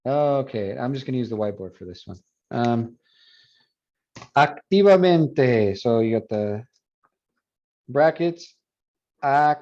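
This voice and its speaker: A man teaching a phonetics class review, explaining and repeating words slowly to model pronunciation. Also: medium pitch, lively intonation, mellow. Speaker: Spanish phonetics instructor. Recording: dull lo-fi classroom recording.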